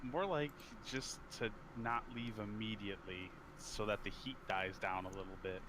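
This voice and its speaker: A man's voice: on the low side, steady tone, moderate pace, noisy background. A man playing a tabletop game, talking in a wry, persuasive way. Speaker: player. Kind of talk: casual tabletop play.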